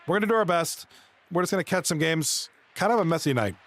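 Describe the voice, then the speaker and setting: A man chatting casually on a live stream, rambling and excitable as he talks with viewers. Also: fairly high pitch, fast talker, a little hiss or hum. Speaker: live streamer and league commentator.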